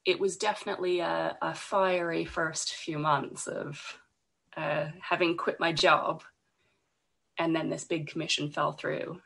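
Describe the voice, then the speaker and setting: A woman, croaky from a cold, talking as a podcast guest, hesitant, with many ums and restarts. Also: sits low, little pitch movement, unhurried, fairly bright tone. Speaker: podcast guest, illustrator and designer. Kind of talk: casual interview talk.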